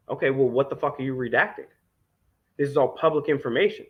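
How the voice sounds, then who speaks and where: On a dull lo-fi recording, a man with a mid-range voice talks quickly. He vlogs as an independent news host, reading out documents and reacting with sarcasm, indignation and frequent curses.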